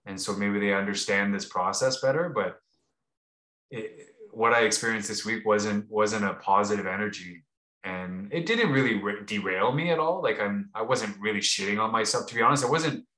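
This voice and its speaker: A man's voice: fairly low pitch, moderate pace, bright, forceful tone. A man co-hosting a podcast, telling a rambling, casual story with many restarts and fillers. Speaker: podcast co-host. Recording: roomy echo.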